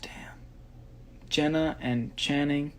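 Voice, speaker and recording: A man's voice: a little high, fairly even intonation, slow, a little hiss or hum. A young man, a dancer, chatting casually on a phone livestream and rambling through fan questions with frequent ums.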